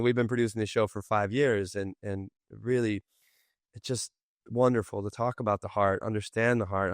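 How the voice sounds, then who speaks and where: A man's voice: lowish voice, no echo, clean studio sound. A man co-hosting a podcast, thanking his guest in an effusive, rambling way. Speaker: co-host. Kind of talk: casual podcast conversation.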